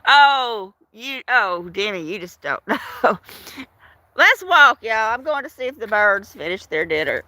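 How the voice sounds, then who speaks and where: A woman's voice: medium pitch, sing-song, unhurried, bright, forceful tone, no room sound. A woman chatting casually on a live stream, walking outdoors through her yard and greeting viewers by name, laughing often. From Washington state. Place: outdoors in a storm-damaged yard.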